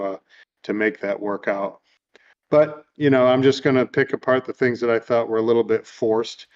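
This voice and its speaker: A man hosting a casual chat, recapping a movie in a relaxed, rambling way with lots of fillers. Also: lowish voice, muffled recording. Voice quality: easygoing, rambling with many fillers. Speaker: podcast host. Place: home room.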